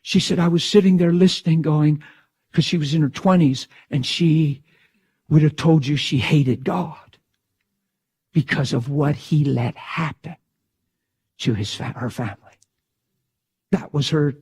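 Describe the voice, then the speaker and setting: In a husky voice on the high side, a middle-aged preacher delivers a sermon unhurriedly, pausing often. His storytelling swings dramatically between hushed passages and loud outbursts.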